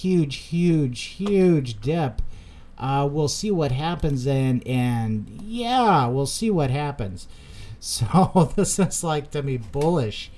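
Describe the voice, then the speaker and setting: A man's voice: on the high side, darkish tone. Chatty man rambling over a chart. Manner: rambling, self-correcting, chatty asides to viewers; pumped-up bursts addressing viewers. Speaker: crypto chart vlogger. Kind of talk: casual screen-share chart commentary.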